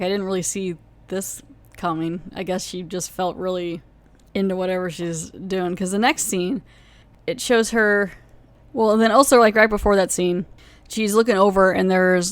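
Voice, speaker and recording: A woman's voice: on the low side, dry recording. A woman hosting a podcast, casually recapping a TV episode in a rambling way, full of "like" and "you know" and self-corrections. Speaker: podcast host reviewing a TV episode.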